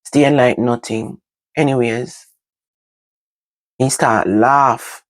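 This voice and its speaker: A woman's voice: very deep voice, drawn-out words, no echo. Older Jamaican woman telling stories in patois. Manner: switches between patois and standard English, animated when telling the story. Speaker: vlogger. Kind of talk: casual storytelling to camera.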